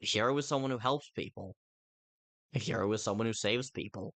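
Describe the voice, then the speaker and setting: With a brisk, mid-range and fairly bright voice, a livestreamer offers casual, rambling commentary on a film. They frequently cut themselves off mid-sentence to restart and talk straight to the chat.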